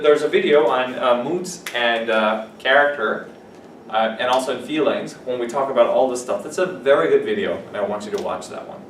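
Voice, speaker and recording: A male English teacher takes his class through vocabulary, giving example sentences and asking the students questions. He is picked up from across an echoey classroom, with a soft hum of room noise behind him. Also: medium pitch. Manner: explains words with examples, asks students questions. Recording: echoey classroom mic from a distance.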